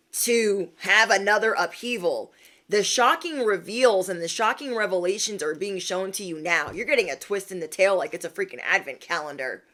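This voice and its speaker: A woman's voice: mid-range voice, a bit bright. A young woman hosting a spiritual livestream, talking to her viewers in a sassy, slangy way and laughing often. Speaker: spiritual reader and livestream host. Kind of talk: casual livestream pep talk.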